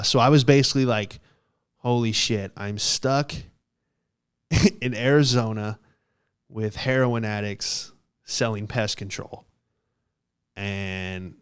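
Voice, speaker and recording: Young man, podcast host, smooth, rambling, swears, casual storytelling. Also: mid-range voice. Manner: rambling, profane, heavy on fillers.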